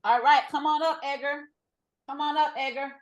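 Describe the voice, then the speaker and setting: A woman runs a lively trading class, her voice sitting a little high. She hammers each point home, repeating lines and calling out to the room. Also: normal speed, muffled recording. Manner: emphatic, repeats points, addresses the group as y'all. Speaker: trading instructor. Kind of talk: energetic classroom teaching.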